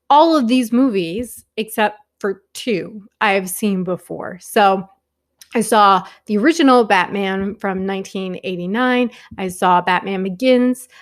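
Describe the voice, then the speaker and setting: Young woman vlogging movie picks, chatty and excited, lots of ums, mid pitch. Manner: chatty, enthusiastic, many fillers and restarts. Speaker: film vlogger. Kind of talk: casual movie review talk.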